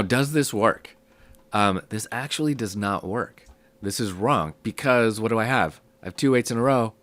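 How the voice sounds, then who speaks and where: A young man with a sick, hoarse voice, casually teaching a music theory lesson step by step. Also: low-pitched, dry recording. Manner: relaxed, explaining step by step with fillers.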